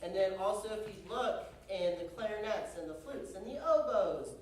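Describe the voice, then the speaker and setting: A man's voice: high voice, expressive, normal speed, slight background noise. A young man conducting a band rehearsal, chatty and joking as he gives instructions. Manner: chatty, joking, uses y'all. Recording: very echoey hall from far off.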